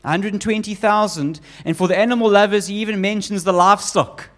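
A man preaching a sermon with emphatic, animated delivery, often building up repeated lists. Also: high voice, fairly quick. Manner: acts out quoted voices of God and Jonah.

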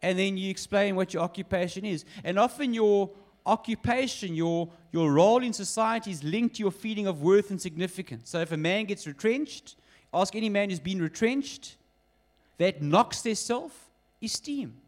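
A man's voice: sits high, moderate pace. A man preaching a sermon, telling stories with acted quotes. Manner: lively storytelling with acted quotes. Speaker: pastor.

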